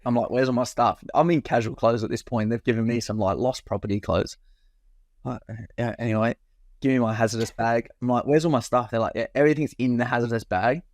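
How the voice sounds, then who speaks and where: A man's voice: mid-range voice, steady tone, quick pace, darkish tone, dry recording, studio quality. Laid-back man telling a story. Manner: laid-back, swears freely, acts out his own past lines. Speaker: podcast co-host. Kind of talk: casual storytelling chat.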